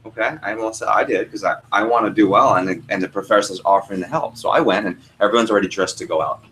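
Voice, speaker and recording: A young male trainer speaks to a live room of trainees in a slightly low voice. He tells stories and keeps asking the group questions. A faint hum of room noise sits under him. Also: fast, few pauses, rough recording. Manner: lively storyteller, asks the room questions. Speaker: sales trainer. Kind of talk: workshop teaching with a story.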